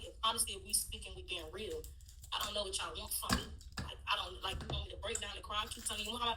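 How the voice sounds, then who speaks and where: A woman being interviewed on a live stream, talking in a distressed, pleading, repetitive way. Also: mid-range voice. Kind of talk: emotional live-stream talk. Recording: distant mic with noise.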